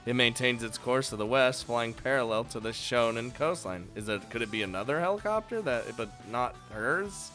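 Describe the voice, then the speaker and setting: A man with a bright, forward voice reads the game's narration aloud, then breaks off into wisecracks, curses and laughter. His pitch sits in an ordinary middle range, and faint game music plays under him. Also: expressive, normal speed, few pauses. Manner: jokey, swearing, laughing asides. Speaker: let's play host. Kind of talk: reading a visual novel aloud with commentary.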